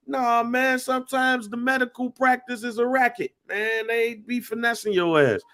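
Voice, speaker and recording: A man's voice: very high voice, normal speed, few pauses. A man co-hosting a podcast, telling a story in casual chat full of slang and swearing. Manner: profane, animated storytelling with slang. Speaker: podcast co-host.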